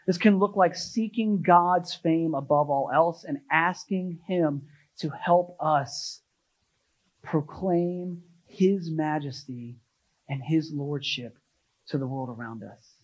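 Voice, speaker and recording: The speaker is a young male preacher from the US giving a sermon slowly. He punches important words with climbing emphasis, then drops quiet and low, and the recording sounds rough.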